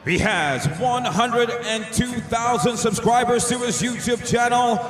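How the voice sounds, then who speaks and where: A man working as ring announcer, calling out the fighters with booming, drawn-out calls. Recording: echoey arena with music.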